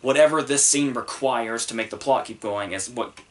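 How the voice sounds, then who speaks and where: A man's voice: mid-range voice, normal speed. A young man hosting a movie review podcast, talking in a loose, rambling way with many ums, restarts, swearing and short laughs. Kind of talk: casual solo review.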